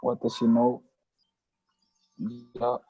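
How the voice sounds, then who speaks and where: A male student reading aloud haltingly in an online class, with restarts. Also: medium pitch, completely flat delivery, dark tone. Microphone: video call. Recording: dull, raspy call audio.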